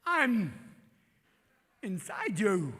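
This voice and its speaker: Man putting on an eerie deadpan voice, halting odd pauses, lively pitch jumps. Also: heavily acted. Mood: menacing. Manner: clipped halting phrasing with strange pauses. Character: eerie deadpan middle-aged man, oddly intense. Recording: live hall reverb, crowd noise.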